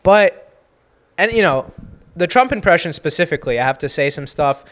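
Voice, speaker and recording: Joking man, slightly high voice, podcast. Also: lively intonation, fairly bright tone. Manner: frequent "yeah" backchannels, quick jokey quips. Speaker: comedian, co-host chat. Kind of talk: casual podcast chat.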